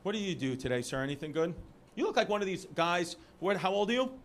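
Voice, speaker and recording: Speaking high and fast, this comedian from Brooklyn works a live theater audience, jumping into quoted characters and trading jokes with the people out front. The venue's crowd noise is audible in the recording.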